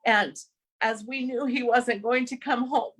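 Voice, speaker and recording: Higher-pitched woman telling an emotional story. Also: steady tone, unhurried, a bit bright, slightly rough. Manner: emotional, earnest, laughs through grief. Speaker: podcast guest. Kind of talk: personal storytelling.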